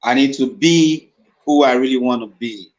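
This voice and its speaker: A man's voice: mid-range voice, normal speed. A middle-aged man with a Nigerian accent, an actor telling stories in a casual interview and slipping into Pidgin. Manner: animated storyteller, dips into Pidgin. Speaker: guest actor. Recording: dull lo-fi recording.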